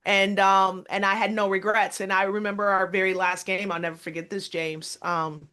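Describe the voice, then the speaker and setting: A woman coach talking candidly in an interview, her voice at a middle pitch for a woman. She tells her story with emphasis, stressing key phrases and often quoting what she once said. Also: flat delivery, moderate pace, hardly any pauses, pushed and bright. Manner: emphatic, quotes her own past words. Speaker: basketball coach, interview guest.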